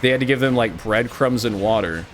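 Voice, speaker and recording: A man's voice: mid-range voice, fairly quick, a little hiss or hum. A man in his twenties from Missouri, chatting casually and sarcastically with his stream viewers. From Missouri, USA. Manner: animated, joking and sarcastic.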